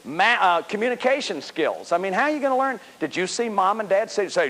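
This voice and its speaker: A man's voice: high-pitched, sing-song, a little fast, a bit bright. A man in his fifties giving a self-help lecture, emphatic and repeating words as he drives points home. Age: 50s. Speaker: speaker on healing the inner child.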